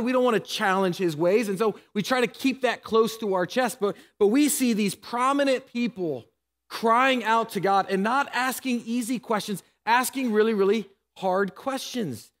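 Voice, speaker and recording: A married pastor's high, slightly bright voice fills a church sanctuary, trailing long hall reverb. Earnest and emotional, his sermon confronts the congregation with tough rhetorical questions.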